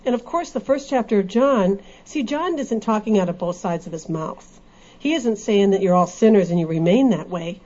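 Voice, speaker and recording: Female co-host, earnest, warm and mellow, dull lo-fi sound. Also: mid-range voice, lively intonation, normal speed. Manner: earnest, explanatory. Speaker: co-host in a Bible discussion. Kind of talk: casual religious discussion. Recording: dull lo-fi recording.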